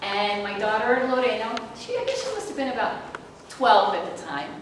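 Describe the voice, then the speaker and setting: A middle-aged woman giving an intercultural workshop, lively and laughing often as she asks her audience questions. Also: mid-range voice, moderate pace. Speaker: intercultural trainer. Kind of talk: presenting a workshop. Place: meeting room with an audience. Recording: echoey room, distant mic, background noise.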